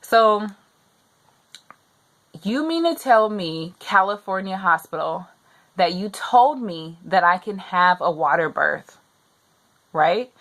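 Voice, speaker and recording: A woman's voice: medium pitch, lively intonation, slow pace, long pauses, fairly bright tone. A young pregnant woman venting her frustration in a personal rant to the camera, repeating herself as she gets upset. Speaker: vlogger.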